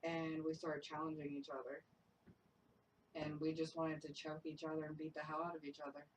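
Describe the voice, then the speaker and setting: Lively storytelling woman, distant mic. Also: low voice, moderate pace. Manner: lively storyteller, laughs often, acts out quotes. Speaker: paranormal investigator. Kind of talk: casual group chat, telling a ghost story. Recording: distant mic with faint noise.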